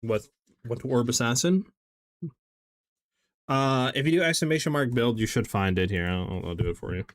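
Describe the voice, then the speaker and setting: A man's voice: medium pitch, moderate pace, long pauses. A man streaming a game live, chatting casually in a rambling way with lots of fillers as he answers chat.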